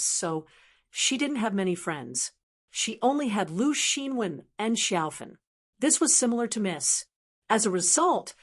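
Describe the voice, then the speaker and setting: A woman reads a web novel aloud as audiobook narration. Her voice is of a middle pitch for a woman, and her delivery is steady and even.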